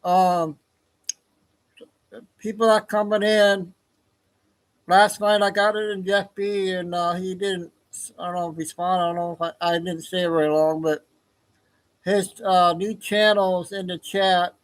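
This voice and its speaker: A man's voice: sits high, flat delivery, unhurried, long pauses, poor audio. A man hosting a live stream in a rambling, hesitant, casual way. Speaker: stream host.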